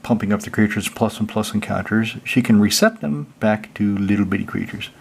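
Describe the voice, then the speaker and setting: A man hosting his own channel, reading out card text and then explaining it in a relaxed, chatty way. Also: fairly low pitch, brisk, vocal fry. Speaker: channel host. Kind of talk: casual card deck walkthrough.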